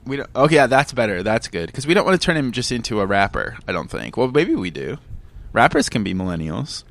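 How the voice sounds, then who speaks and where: Wry rambling man with a gravelly voice. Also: mid-range voice, sing-song, a little fast, fairly bright tone, no room sound. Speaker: podcast co-host. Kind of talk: casual chat.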